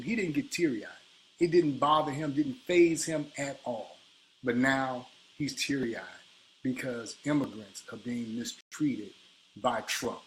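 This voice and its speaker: A man's voice: mid-range voice, slight background noise, poor audio. A man in his fifties from Chicago, delivering an indignant, combative political monologue as an activist.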